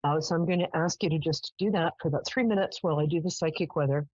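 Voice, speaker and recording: A woman's voice: low voice, fast talker, no room sound, muffled recording. A woman hosting a live psychic call-in show, who chats casually, tells stories and laughs often. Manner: chatty, animated, lots of "um"s and laughs. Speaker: psychic radio host.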